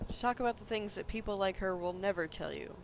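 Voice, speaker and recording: A man's voice: high-pitched, fast talker, creaky, background noise. A man reading the lines of a scornful male talk-show pundit who lectures in a sneering way.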